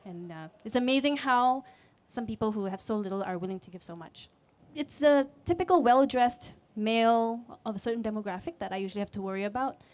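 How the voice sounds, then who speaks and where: A Singaporean woman in her late 20s, a music teacher, tells a personal story on stage before a live audience, candid and chatty with fillers and voiced quotes. Her voice sits a little high and moves a little fast, with hardly any pauses.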